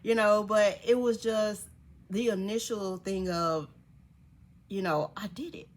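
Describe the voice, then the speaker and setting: A young woman vlogger telling a personal story to her viewers in a casual, animated way, laughing often and acting out what others said. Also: mid-range voice, slow.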